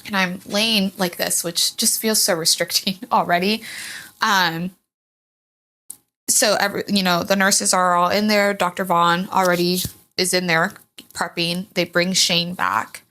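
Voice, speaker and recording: A woman's voice: fairly low pitch, flat delivery, unhurried, pushed and bright. A woman telling her own story as a podcast guest, candid and emotional, rambling with fillers. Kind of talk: personal storytelling in a podcast interview.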